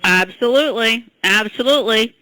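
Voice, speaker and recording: An older woman scientist, an interview guest telling how she invented a product, emphatic and animated, laughing and tossing in "okay?". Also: a little high, moderate pace, no room sound, poor audio.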